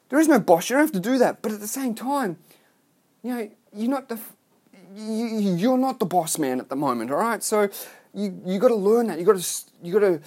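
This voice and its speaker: Fast-talking man on a blunt rant. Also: sits high, a little mellow. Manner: blunt, profane, exasperated; rambling with restarts. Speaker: online business coach. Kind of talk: ranting vlog monologue.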